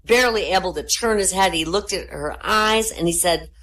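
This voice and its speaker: A woman tells jokes in a low, deep register. She keeps a deadpan storytelling manner and lifts her pitch for each punchline. She sounds like a speaker in an online voice chat room. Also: moderate pace. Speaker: joke teller. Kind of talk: telling jokes at an online comedy night.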